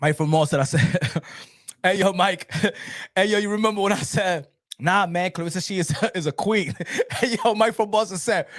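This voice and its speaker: A man hosting a casual boxing live stream, animated and laughing, often repeating himself and switching between languages. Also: sits high, normal speed, dry recording, clean studio sound.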